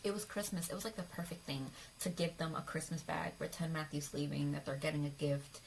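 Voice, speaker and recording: Young woman, vlogger, casual storytelling, vocal fry, slightly low voice, faint background noise. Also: fairly even intonation, fairly quick, low-quality recording. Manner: chatty, rambling, with fillers and acted quotes.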